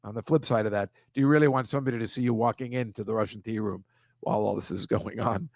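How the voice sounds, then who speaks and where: A man hosting a comedy show, talking casually and exasperated over a series of pictures, ranting with quick asides. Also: lowish voice, creaky, a little mellow, no echo, clean studio sound.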